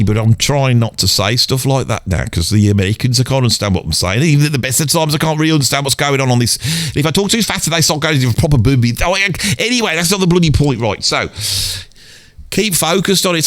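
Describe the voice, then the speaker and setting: A man's voice: medium pitch, fairly bright tone, no room sound, natural voice. A man playing a grumbling middle-aged Birmingham bloke with a Birmingham accent, rambling on and swearing mildly in a comedic monologue. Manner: rambling rant peppered with "bloody".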